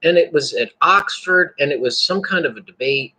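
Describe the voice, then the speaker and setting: Guy rambling on to his viewers, kinda raspy, bright edgy tone, lots of restarts. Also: a little high, expressive, normal speed, rough recording. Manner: rambling, repeats words and restarts, laughs to himself. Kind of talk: casual spoken monologue.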